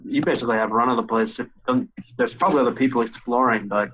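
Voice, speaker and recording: A man at a middle pitch narrates a tabletop game as its game master. He sets each scene with careful, halting description and pauses to find his words. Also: a bit bright, highs cut off. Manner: hesitant, descriptive scene-setting.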